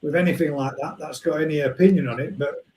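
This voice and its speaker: A man's voice: a little high, quick pace, warm tone, roomy sound, a little hiss or hum, rough recording. A man hosting a casual chat, rambling and trailing off, laughing often. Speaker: host.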